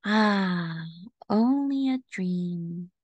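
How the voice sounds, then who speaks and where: A woman voicing a moody, pampered house cat in a slow storybook reading. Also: mid-range voice, animated, no echo. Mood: gentle. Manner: slow, gentle read-aloud delivery.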